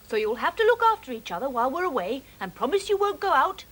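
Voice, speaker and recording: Woman doing a dad mouse, quick and bossy-caring, giving orders. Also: high voice, sing-song, a bit bright. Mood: instructing. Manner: brisk, instructing.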